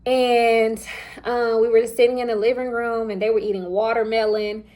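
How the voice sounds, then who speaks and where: Young woman, slightly high voice, casual storytelling, animated, acts out quotes, talks straight to listeners. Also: moderate pace. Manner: chatty and informal, addresses listeners directly. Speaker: vlogger.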